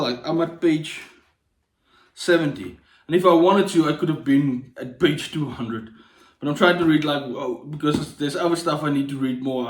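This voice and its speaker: A man hosting a casual book review vlog, talking in a playful way with jokey asides and many restarts. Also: fairly high pitch. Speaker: book channel host. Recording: roomy echoey room.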